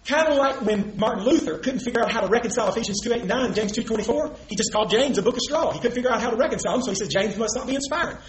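An impassioned man preaching in an emphatic, argumentative way, his voice high and quick with lively swings of pitch. The recording carries the echo of a large room with a faint hiss underneath. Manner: emphatic, argumentative, quotes scripture. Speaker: preacher in a debate. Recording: echoey room with faint noise.

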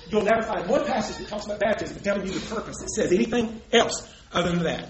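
An impassioned man preaching in an emphatic, argumentative way, his voice high and quick with lively swings of pitch. The recording carries the echo of a large room with a faint hiss underneath. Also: crowd noise. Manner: emphatic, argumentative, quotes scripture. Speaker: preacher in a debate. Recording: echoey room with faint noise.

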